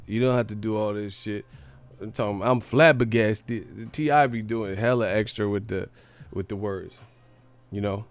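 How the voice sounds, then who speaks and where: A man's voice: lowish voice, normal speed, no room sound, faint music behind. A man hosting a livestream, ranting in a comic, profane and mocking way. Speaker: livestream host. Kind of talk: comedic livestream rant.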